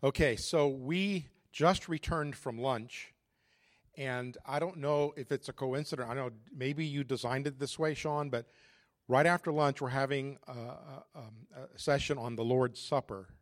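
A man's voice: medium pitch, unhurried. A man giving a sermon at a conference, talking in a conversational, joking way with frequent fillers. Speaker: conference speaker. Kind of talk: sermon with prayer and humor.

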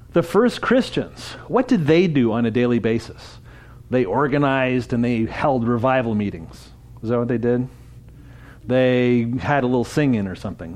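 A man speaking at a conference delivers an interactive church talk in a conversational way, posing questions to the crowd. His voice is mid-range with a darkish tone.

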